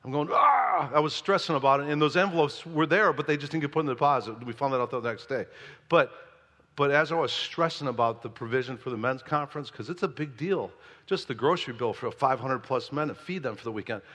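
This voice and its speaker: A man preaching as pastor, telling a story in a lively, conversational way. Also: mid-range voice, quick pace. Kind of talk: sermon. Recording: long hall reverb.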